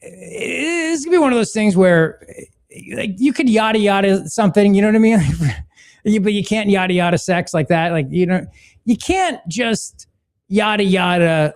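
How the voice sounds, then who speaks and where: Brief: male podcast host, high gravelly voice, sarcastic and mocking. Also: lively intonation, normal speed. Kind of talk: casual political talk.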